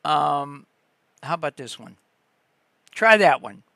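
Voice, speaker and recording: A man hosting a casual livestream, chatting excitably and breaking into laughter and squeals. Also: on the high side, slow, creaky, no room sound. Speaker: livestream host.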